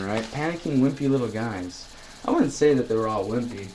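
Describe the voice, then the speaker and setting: A man's voice: mid-range voice, animated, fast, slight background noise, low-quality recording. Rambling young man telling stories. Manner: rambling, upbeat storytelling with many fillers. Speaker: vlogger. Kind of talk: casual chat to camera.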